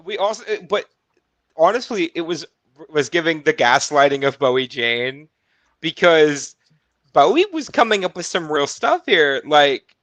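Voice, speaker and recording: A man on a reality TV podcast panel talks in animated, rapid bursts, his voice bright and a little pitched up. The sound is close and dry. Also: no room sound. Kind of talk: casual reality-TV chat.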